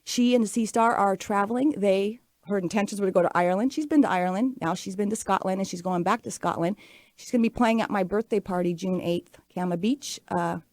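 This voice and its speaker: A woman's voice: medium pitch, fairly quick, a little mellow, dry recording. A woman in her late forties hosting a talk show, telling stories in a chatty, upbeat way with many fillers. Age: 40s. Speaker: radio show host. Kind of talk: casual talk show monologue.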